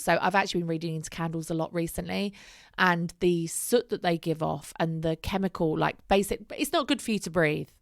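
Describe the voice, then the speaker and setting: Young woman, casual vlog chat, candid and chatty, swears casually, middle pitch, dry close recording. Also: creaky, no room sound. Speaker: single mother vlogger.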